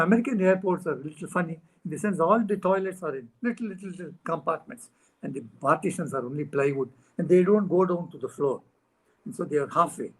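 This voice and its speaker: A man, a guest speaker on a video call, telling an animated anecdote and acting out the dialogue with chuckles. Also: on the high side, husky, low-quality recording. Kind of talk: storytelling talk.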